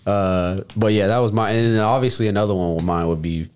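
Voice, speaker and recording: A man's voice: lowish voice, a little fast, darkish tone, smooth. A young man chatting casually, telling a long rambling story with lots of swearing. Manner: rambling, profane, laid-back storyteller.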